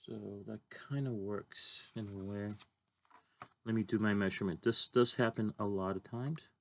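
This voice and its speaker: A man's voice: fairly low pitch, steady tone, normal speed. A man teaching a drawing lesson, talking casually and thinking aloud as he draws. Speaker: art teacher.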